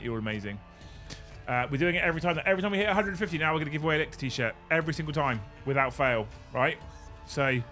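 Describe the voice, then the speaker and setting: A man's voice: mid-range voice, a bit bright. A young man hosting a live stream, thanking viewers, joking, swearing and laughing often. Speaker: livestream host. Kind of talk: casual live-stream chat.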